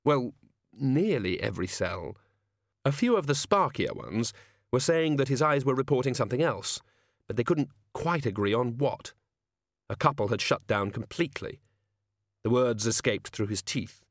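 A man narrating an audiobook with wry, expressive delivery and a lively, rising and falling pitch. The sound is dry and close, with no room around it. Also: normal speed, dry recording. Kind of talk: scripted narration.

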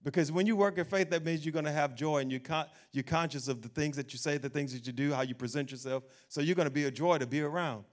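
A man preaches with lively energy, and his voice sits a little higher than most men's. He acts out the worried voices of doubters and laughs now and then. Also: fast talker, hardly any pauses. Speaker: pastor. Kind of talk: sermon.

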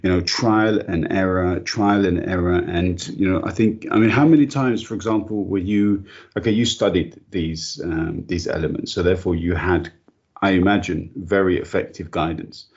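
A man's voice: low voice, normal speed, a little mellow, husky. A man interviewing a translator, asking long questions eagerly and stumbling over repeated words as he forms them. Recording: dull lo-fi recording.

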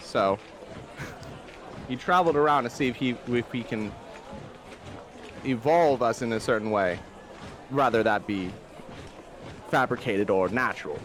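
A man's voice: mid-range voice, a little slow, long pauses, a little hiss or hum. A man playing a tabletop game, speaking in a hesitant, filler-heavy way. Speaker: player. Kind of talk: tabletop game role-play.

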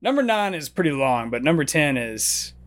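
A man's voice: a little high, very animated, normal speed. A man co-hosting a casual comedy podcast, swearing often, laughing a lot and reading conspiracy theories aloud. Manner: profane, laughing, reads conspiracy texts aloud. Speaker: podcast co-host.

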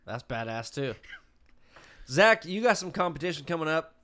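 A man's voice: on the high side, sing-song, moderate pace, bright, forceful tone. A man hosting a podcast in a loose, profane, casual way. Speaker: podcast host. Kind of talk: casual chat. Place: podcast room with a computer table.

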